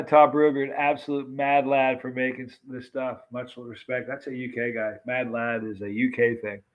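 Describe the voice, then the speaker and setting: A man's voice: medium pitch, little pitch movement, moderate pace, highs cut off. A man hosting a live stream, chatting and reading comments while his mouth burns from a very hot pepper extract, gasping and exclaiming. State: burning mouth, hiccuping.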